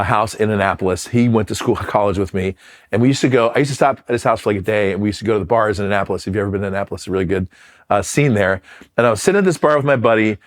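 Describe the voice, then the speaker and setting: Man, middle-aged, from Philadelphia, rapid candid storytelling, lowish voice. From Philadelphia, USA. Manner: candid, self-deprecating, uses fillers and restarts. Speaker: former Marine fighter pilot, guest. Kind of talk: storytelling interview.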